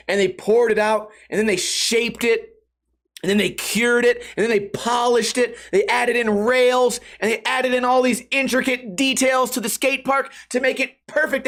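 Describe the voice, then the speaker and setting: A man with a fairly high voice hosts his own podcast and tells a long story as a casual rant. He swears freely and acts out the people he quotes with comic voices. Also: a bit bright. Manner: profane, comedic. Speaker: podcast host.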